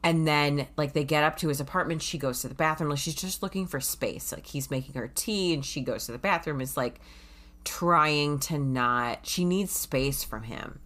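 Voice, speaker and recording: Very low-voiced woman chatting casually. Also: normal speed, fairly bright tone. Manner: reads passages aloud from a book. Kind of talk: casual book-to-movie discussion.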